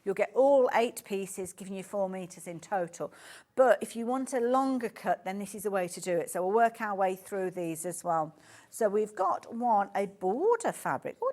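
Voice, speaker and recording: A woman's voice: medium pitch, a little mellow. Chatty Brummie woman selling fabric. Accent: Birmingham. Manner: chatty, gushing, self-interrupting. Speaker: shopping channel presenter. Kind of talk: live shopping presentation. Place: TV studio.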